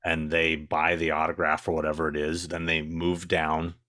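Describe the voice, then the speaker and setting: Deep-voiced man telling blunt stories. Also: completely flat delivery, normal speed, bright, forceful tone, no room sound, clean studio sound. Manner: blunt, exasperated storyteller. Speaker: guest. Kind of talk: casual anecdote telling.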